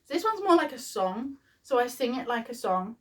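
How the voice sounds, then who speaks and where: A woman's voice: on the high side, sing-song, normal speed, fairly bright tone. Chatty British woman, slightly distant. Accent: British English. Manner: chatty, rambling, laughs often. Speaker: parenting vlogger. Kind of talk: casual chat. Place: home nursery.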